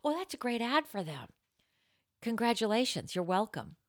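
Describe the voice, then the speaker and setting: A woman's voice: on the high side, moderate pace, dry recording, studio quality. A woman co-hosting a comedy podcast, joking and doing playful announcer-style plugs. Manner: animated, playful, showy announcer bursts. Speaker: podcast co-host. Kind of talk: comedy podcast chat and ad reads.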